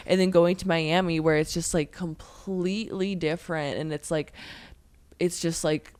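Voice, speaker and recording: A woman's voice: on the low side, fairly even intonation, normal speed, darkish tone, clear, resonant tone, no echo. A woman in her twenties from Pennsylvania, chatting as a podcast guest in a rambling way full of "like". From Pennsylvania, USA. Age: 20s. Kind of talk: casual podcast chat.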